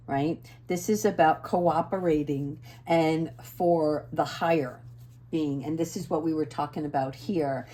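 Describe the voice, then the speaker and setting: Earnest, gentle woman with a lowish voice. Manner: earnest, gentle, often asks "right?"; assertive. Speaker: spiritual oracle card reader. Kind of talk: casual spiritual talk to viewers.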